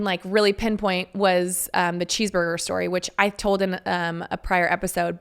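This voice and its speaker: A woman's voice: medium pitch, vocal fry, fairly bright tone, smooth. A woman in her thirties hosting a podcast, telling a personal story candidly, chatty and frank with casual swearing. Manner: chatty, frank, swears freely, laughs between phrases. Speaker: podcast host.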